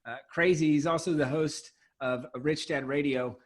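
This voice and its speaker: Young male host, slightly high voice, eager chatty interviewer. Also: fairly even intonation, normal speed. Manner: eager, with fillers and restarts. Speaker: podcast host. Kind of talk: casual interview.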